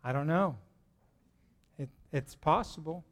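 High-voiced male preacher. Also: takes it slowly. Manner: lively, jokey, addresses the congregation directly. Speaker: pastor. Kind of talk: sermon. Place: church hall with a congregation.

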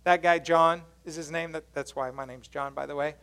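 A male pastor preaching a sermon, retelling a story in animated, casual language and questioning his congregation. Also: a little high, normal speed, clean tone. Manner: casual slangy phrasing.

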